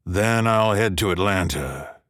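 A man voicing a formal, shy male doctor who talks in a halting way, stammering with fillers. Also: on the low side, lively intonation, fairly bright tone, no echo, studio quality. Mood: flustered.

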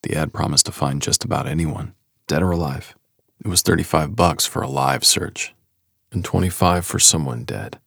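Male storyteller, husky and dry-sounding, candid, wry, first person. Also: very deep voice, lively intonation, moderate pace, a bit bright, dry recording.

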